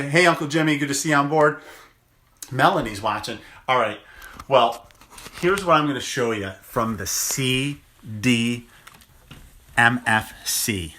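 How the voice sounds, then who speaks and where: A chiropractor talking casually to viewers in a phone livestream, emphatic and full of rhetorical questions. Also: male voice, medium pitch, bright, forceful tone.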